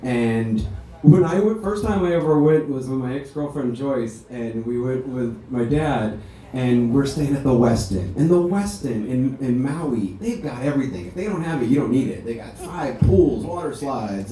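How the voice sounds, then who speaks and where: Man delivering a eulogy: mellow, animated anecdotes, distant mic in a reverberant ballroom. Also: medium pitch, normal speed, a little hiss or hum. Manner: chatty, animated storytelling. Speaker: son giving a eulogy. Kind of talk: memorial speech with anecdotes. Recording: echoey hall, speaker heard from a distance.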